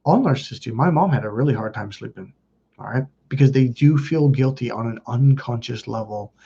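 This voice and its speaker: A man's voice: mid-range voice, vocal fry, warm tone, husky, highs cut off. A man hosting a self-help video, telling personal stories in a blunt, profane, casual way. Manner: blunt and profane, quick asides. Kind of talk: casual confessional storytelling.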